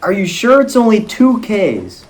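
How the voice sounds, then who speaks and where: A man playing a gushing, excitable studio exec. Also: high voice, measured pace, voice pushed up, full character voice. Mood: excited. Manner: excitable, gushing, jumps to conclusions. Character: eager, easily excited male studio executive. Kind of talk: comedy sketch dialogue.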